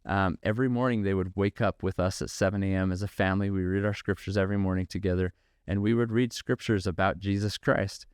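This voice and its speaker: A middle-aged man speaks in a low, smooth, resonant voice, earnest and measured. He builds his points through preacherly repetition. The sound is dry and close. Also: steady tone, no echo. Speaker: podcast host and company founder. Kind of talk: reflective faith-based monologue.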